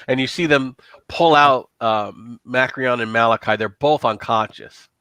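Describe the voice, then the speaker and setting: A man runs a tabletop horror game as game master, narrating casually with many fillers and restarts. His voice sits at an ordinary pitch and sounds dry and close to the mic. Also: a little slow, bright, forceful tone, smooth, no echo.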